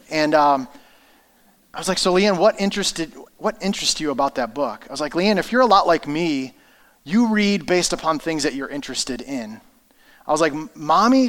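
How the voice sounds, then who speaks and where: A man's voice: a little high, fairly bright tone. A man in his thirties preaching a sermon, telling a personal family story in an earnest, conversational way. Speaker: pastor.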